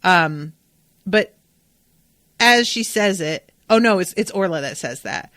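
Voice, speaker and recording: A woman hosting a podcast, recapping an episode in a casual, animated, profane and digressive way. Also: lowish voice, takes it slowly, no room sound. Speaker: podcast host.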